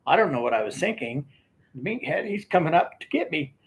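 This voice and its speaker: A man's voice: a little high, big pitch swings, brisk. An older man telling rambling casual stories from his youth, often breaking into laughter. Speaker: storyteller. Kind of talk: casual storytelling.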